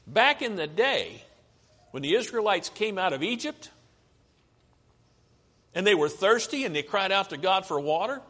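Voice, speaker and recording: A preacher delivers a sermon with slides, repeatedly asking his congregation questions and then supplying the answers. His high, bright voice is sing-song and forceful, a little slow, with long pauses. The church sanctuary gives a long hall reverb.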